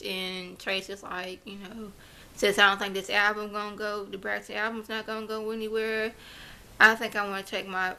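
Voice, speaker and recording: Woman vlogger, gossipy recap delivery, gravelly edge, bright tone. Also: medium pitch. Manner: chatty, gossipy, paraphrases people in quoted voices. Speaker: TV show reviewer. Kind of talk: casual recap vlog.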